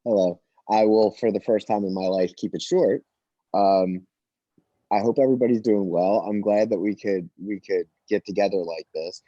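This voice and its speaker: A man's voice: on the low side, normal speed, dark tone, no echo. A man on a casual video call, rambling and self-mocking, stammering through restarts. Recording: dull lo-fi video call audio.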